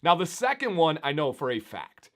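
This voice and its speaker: A man chatting upbeat and animated to his viewers in a casual vlog. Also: a little high, normal speed. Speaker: beard YouTuber. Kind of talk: casual vlog talk to camera.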